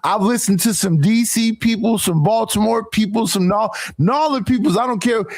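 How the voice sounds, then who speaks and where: A man co-hosting a casual group podcast, talking slowly and stopping often to search for names. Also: high-pitched. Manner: drawling, searching for names with many fillers. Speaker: podcast co-host.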